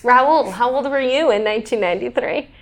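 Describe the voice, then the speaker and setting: Woman from kansas city, talky and animated, slightly high voice. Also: fairly quick, slight background noise. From Kansas City area. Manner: chatty and animated, explaining history. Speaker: weather show host. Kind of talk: casual chat.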